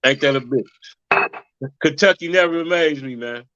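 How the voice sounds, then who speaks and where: A man runs through the news in loose, profane talk, tagging his lines with "man." His voice is a little high, and the podcast audio is dry and slightly dull. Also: normal speed, a bit bright, no room sound. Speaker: podcast co-host. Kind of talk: casual chat.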